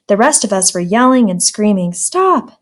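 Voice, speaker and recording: A woman's voice: medium pitch, fairly quick. A woman teacher reading a children's storybook aloud in a friendly, plain manner.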